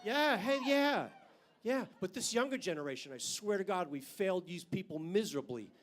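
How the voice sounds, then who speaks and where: A man's voice: high voice, lively intonation, normal speed. An older man doing a stand-up comedy routine on a club stage with a handheld mic, brash and profane, landing punchlines hard.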